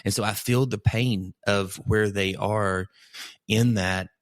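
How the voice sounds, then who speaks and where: Brief: male pastor, slightly low voice, chatty and rambling, dry close mic. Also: fairly even intonation, slow pace, no echo. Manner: rambling storyteller, many restarts. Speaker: bivocational pastor. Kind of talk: casual podcast conversation.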